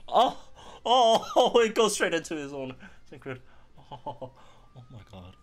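A young man giving excited commentary on a game update, bursting into squeals and laughter as he talks to viewers. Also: fairly high pitch, measured pace. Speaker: gaming youtuber.

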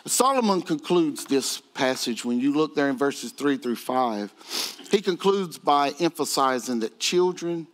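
High-voiced man preaching a sermon. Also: lively intonation, measured pace, a bit bright. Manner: preaching with rising fervor and rhetorical questions. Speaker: pastor.

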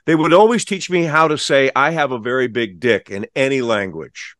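A man's voice: medium pitch, normal speed, fairly bright tone. An older man co-hosting a chat show, adding wry joking asides. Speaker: co-host. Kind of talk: casual interview chat.

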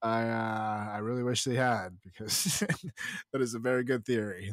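A man's voice: mid-range voice, normal speed, a bit bright, dry recording, studio quality. A man hosting a podcast in a casual chat, playful and joking, laughing often. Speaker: podcast co-host.

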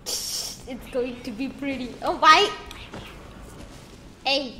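A young woman streaming a game, chatting casually with playful, teasing, excitable exclamations. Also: high voice, very slow, pauses often, roomy sound, a little hiss or hum, poor audio. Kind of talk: casual gameplay commentary.

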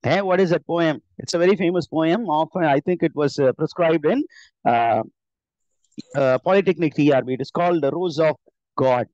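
A man with an Indian English accent teaches a live online lesson, walking through it step by step with frequent "uh"s and self-corrections. His voice sits on the high side, a little mellow, at a moderate pace. It's picked up by a computer mic on the class call, giving dull, dry audio.

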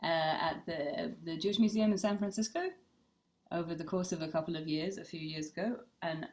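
A rabbi leads a relaxed online study class in a lowish, slightly mellow voice that stays steady while moving fairly quickly. She thinks through the material aloud with many fillers and restarts and reads out participants' remarks.

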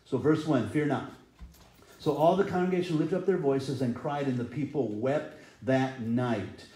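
A man's voice: medium pitch, measured pace, dark tone, roomy sound, low-quality recording. A middle-aged man preaching a sermon earnestly, sometimes acting out people's cries. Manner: earnest, rises and falls in intensity, acts out quoted cries. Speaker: pastor. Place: church sanctuary.

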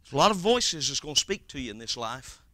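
A man preaching a revival sermon, swinging between loud shouted lines and quiet, hushed scripture quotes. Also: medium pitch, big pitch swings, fast, no echo, clean studio sound.

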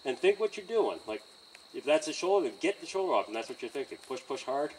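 A calm man coaching horse handling, his slightly raised voice rising and falling a lot. He is caught by a distant mic outdoors, with faint insects chirping behind him. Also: on the high side, quick pace, a little hiss or hum. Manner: calm, coaching, with frequent okays and chuckles. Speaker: horse trainer. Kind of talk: hands-on training demonstration.

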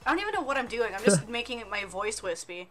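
A woman gamer on a casual stream with a fairly high voice. She is excitable and giggly and swears freely. Game music plays faintly behind her. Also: fast. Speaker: gaming streamer and host. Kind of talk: casual gaming chat.

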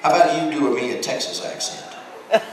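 A man's voice: on the high side, quick pace. A man speaking as a convention panelist, in easygoing, rambling casual talk in a large hall. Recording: echoey hall, distant mic, background noise.

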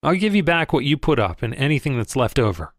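A man's voice: mid-range voice, big pitch swings, quick pace, no room sound, clean studio sound, lightly acted. A man voicing a harried bucket-shop manager who talks in a placating, folksy way, in an audiobook reading.

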